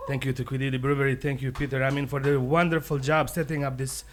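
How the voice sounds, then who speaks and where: Animated profane stand-up comedian, man. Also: mid-range voice, fast talker, slight background noise. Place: brewery taproom, live show.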